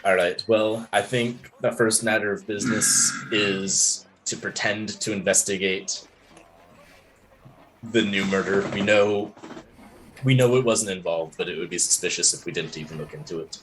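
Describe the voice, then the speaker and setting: Very deep-voiced calm man. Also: moderate pace, slight background noise, poor audio. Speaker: player. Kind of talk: in-character tabletop chat.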